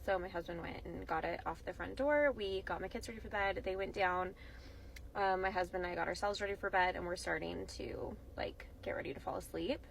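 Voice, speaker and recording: A young woman and mother telling a story casually, calm and conversational, with soft fillers. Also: lowish voice, a little fast, vocal fry, a little hiss or hum, rough recording.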